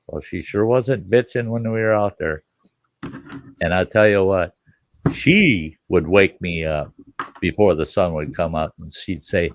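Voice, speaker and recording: Older male chat host, deep and gravelly, folksy and blunt, swears casually. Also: unhurried, slight background noise.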